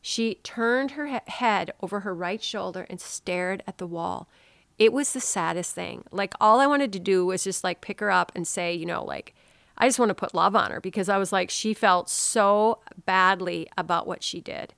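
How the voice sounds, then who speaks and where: A woman hosting a podcast, telling a personal story in an animated, expressive way and dropping to a soft hush now and then. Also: medium pitch, normal speed, vocal fry, no echo. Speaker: podcast host. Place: home.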